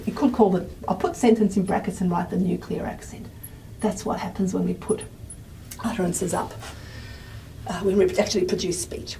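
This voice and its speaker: A woman's voice: medium pitch, dark tone. Woman teaching a class at the board, lots of um and okay, mic kinda far off, faint room hiss. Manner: chatty explanatory teaching with frequent "okay?" and "um". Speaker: lecturer. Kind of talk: classroom lecture at a whiteboard. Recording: voice from a distance with faint room noise.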